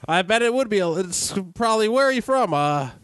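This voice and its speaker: A man's voice: high voice, big pitch swings, moderate pace, a bit bright, pitched above the performer's own voice. Man doing a dreamy, forgetful old man.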